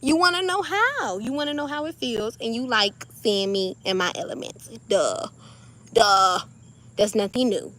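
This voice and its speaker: Speaking at a measured pace in a slightly high voice, this spiritual vlogger addresses her viewers directly with a relaxed, lively spiritual pep talk. She's clearly heard and plays out small scenes, laughing playfully.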